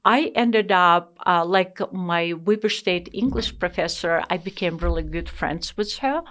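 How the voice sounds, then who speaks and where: A middle-aged woman from Russia with a Russian accent, speaking in an interview in an earnest, emphatic way with halting fillers and restarts. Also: on the low side, a bit bright. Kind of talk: personal interview storytelling.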